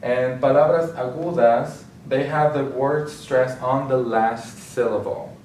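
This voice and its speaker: A male Spanish teacher giving a slow, explanatory lecture with frequent restarts. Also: mid-range voice, steady tone, a little mellow, slight background noise. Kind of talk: classroom-style lecture. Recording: roomy and distant with faint ambience.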